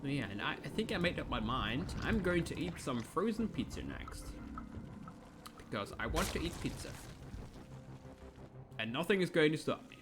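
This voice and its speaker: A man casting a live strategy game match, animated and joking, acting out the players in little quoted voices. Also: fairly high pitch, moderate pace, long pauses. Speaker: esports caster. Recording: music playing under the voice. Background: music.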